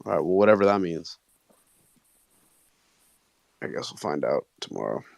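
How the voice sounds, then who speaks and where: A man chatting on a live audio call, excitable and slangy, swearing casually. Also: low voice, normal speed, creaky, dry recording. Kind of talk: casual chat.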